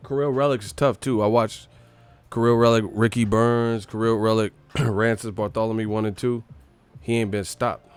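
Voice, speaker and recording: A man's voice: lowish voice, normal speed, clean tone, soft background music. A man hosting a boxing show, talking in loose slangy commentary, swearing and laughing a lot. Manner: animated, profane, slangy, laughs often. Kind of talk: casual sports commentary.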